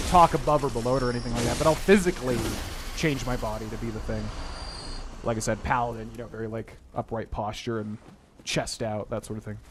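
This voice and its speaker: A man's voice: mid-range voice, background noise. A man casually chatting and rambling while he streams a video game, with plenty of "like" and "um".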